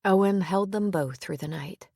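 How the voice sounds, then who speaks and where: A woman narrating a romance novel in measured, even storytelling. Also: medium pitch, dry recording, clean studio sound. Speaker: audiobook narrator. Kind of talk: scripted narration.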